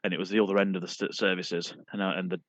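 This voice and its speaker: A man's voice: low-pitched, level tone, very fast, no room sound, muffled recording. A man co-hosting a casual football podcast, telling stories in a wry, self-mocking way. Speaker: podcast co-host.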